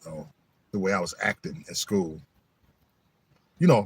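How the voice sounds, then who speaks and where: A man's voice: on the low side, sing-song, normal speed, long pauses, fairly bright tone, breathy edge, dry recording. A middle-aged man hosting his own channel, telling rambling school stories in a slangy, joking way. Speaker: channel host. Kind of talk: casual storytelling monologue.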